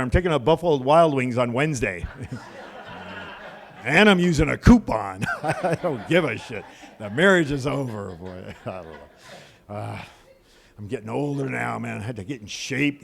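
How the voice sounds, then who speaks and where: A man's voice: medium pitch, vocal fry. A middle-aged man doing a crude stand-up comedy set in a comedy club, with punchy punchlines and banter with the crowd.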